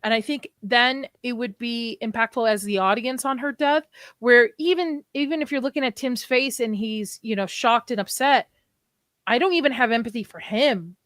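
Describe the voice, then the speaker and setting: A woman's voice: fairly high pitch, normal speed, a bit bright, no room sound. A woman co-hosting a casual live discussion, chatting and reading her notes aloud with frequent restarts. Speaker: podcast co-host.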